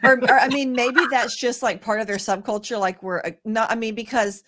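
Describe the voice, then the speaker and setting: A woman's voice: on the high side, fairly even intonation, fairly quick, fairly bright tone. A woman from Mississippi talks through a review in casual chat. She is opinionated and restarts her sentences as she goes. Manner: chatty, opinionated, trailing restarts. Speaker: podcast co-host.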